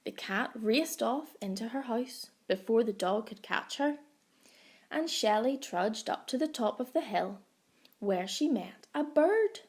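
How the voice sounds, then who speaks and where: A woman's voice: a little high, husky. A woman primary school teacher reading a picture book aloud to young children. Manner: slow, expressive.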